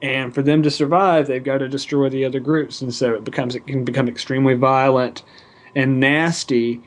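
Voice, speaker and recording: A man's voice: medium pitch, flat delivery, moderate pace. A man on a casual podcast panel, rambling and thinking aloud with lots of fillers.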